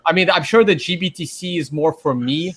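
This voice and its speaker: Male host, a bit higher pitched, halting repetitive delivery, casual remote panel. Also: noisy background. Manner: stop-start, repeats himself. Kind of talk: casual livestream panel chat.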